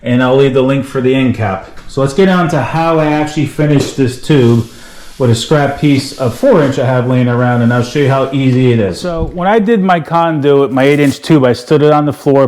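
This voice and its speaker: A man's voice: medium pitch, brisk, a little mellow. A middle-aged man hosting a casual how-to video, walking through a project in a folksy, rambling way with lots of fillers. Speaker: DIY video host.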